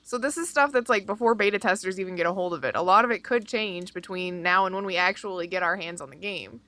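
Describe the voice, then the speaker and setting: A woman's voice: on the low side, sharp tone, no echo. A woman co-hosting a gaming podcast, speaking enthusiastically and teasing the others in casual chat. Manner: enthusiastic, quick to tease. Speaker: podcast co-host.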